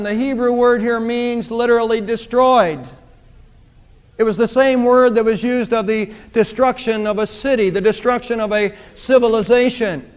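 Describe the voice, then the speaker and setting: A man's voice: extremely high pitch, fairly even intonation, normal speed, clean tone. A man preaching a sermon, speaking emphatically and repeating phrases for emphasis. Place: church sanctuary. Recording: long church reverb.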